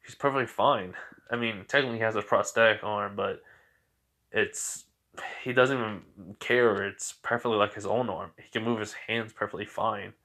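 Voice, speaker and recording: Man doing a teenage boy hero, eager, casual, halting, filler-heavy. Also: on the low side, fairly even intonation, pushed and bright.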